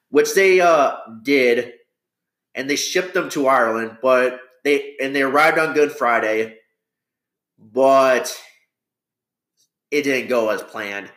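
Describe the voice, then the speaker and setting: A man's voice: medium pitch, slow pace, pauses often, a bit bright. Rambling man explaining history, echoey room. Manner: rambling, full of fillers and self-corrections. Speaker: history talker. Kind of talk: casual spoken history explainer.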